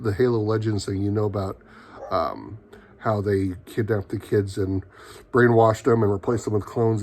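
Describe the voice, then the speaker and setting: A man's voice: lowish voice, darkish tone. Rambling man recapping a show. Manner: rambling, full of fillers and mock quotes. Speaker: TV show reviewer. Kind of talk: casual episode recap.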